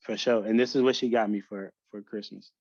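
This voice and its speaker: A man talking as a podcast guest in a personal, emotional conversation, speaking haltingly with many restarts and fillers. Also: fairly low pitch, fairly even intonation, a little mellow, no echo, dull audio.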